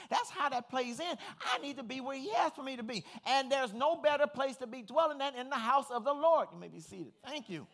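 A man's voice: very high voice, expressive, moderate pace. A male pastor preaching an emphatic sermon, repeating phrases and building to fervent peaks. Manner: emphatic, repeats phrases, rises to shouting fervor.

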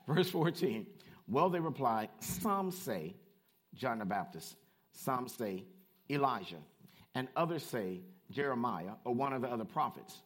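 A man preaching a lively sermon, swinging between loud, emphatic lines and quieter explanations. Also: takes it slowly, long pauses. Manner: animated, swings from shouting to low asides.

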